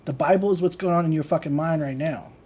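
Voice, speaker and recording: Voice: mid-range voice, quick pace, warm tone, slightly rough. A channel host giving a casual livestream rant, blunt and profane, loose and conversational with lots of fillers. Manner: laughs between points. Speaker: channel host teaching manifestation.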